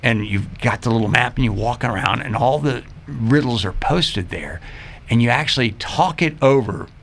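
An older retired man, a guest on a radio talk show, telling stories in an animated way and acting out quoted voices. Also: mid-range voice, normal speed, vocal fry. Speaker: radio guest, riddle writer. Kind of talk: casual radio interview chat.

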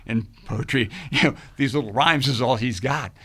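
A middle-aged man, a podcast guest, telling animated stories and acting out quoted voices. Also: medium pitch, normal speed, slightly rough. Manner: lively, acts out quoted voices. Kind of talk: animated storytelling.

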